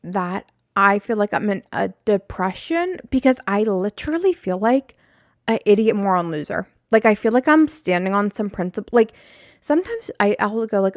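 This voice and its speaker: A woman's voice: mid-range voice, lively intonation, normal speed, no echo. Woman podcast host, rambling, self-mocking, dry close sound. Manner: rambling, self-deprecating, tangent-prone. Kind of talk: solo podcast chat.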